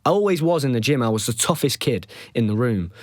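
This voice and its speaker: A man in his thirties telling a personal story as a podcast host, reflective and emotional, often pausing and restarting his sentences. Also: mid-range voice, lively intonation, dry recording. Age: 30s.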